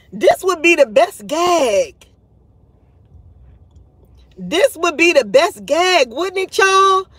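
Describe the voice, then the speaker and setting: A woman's voice: high voice, fairly bright tone, dry recording. A woman hosting a livestream of gossip commentary, dramatic and exasperated, talking straight to her viewers with sighs, laughs and casual swearing. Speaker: channel host.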